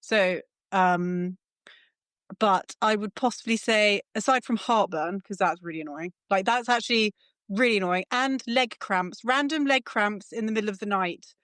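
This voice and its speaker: A woman's voice: medium pitch, moderate pace, a bit bright, dry recording, clean studio sound. A woman podcast guest chatting casually, modest and hedging as she answers. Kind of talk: casual chat.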